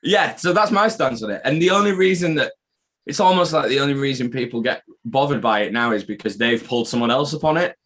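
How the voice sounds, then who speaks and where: A man's voice: mid-range voice, quick pace, a bit bright, a little hiss or hum. Sweary, rambling man on a podcast stream. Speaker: podcast co-host. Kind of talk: casual live-stream chat.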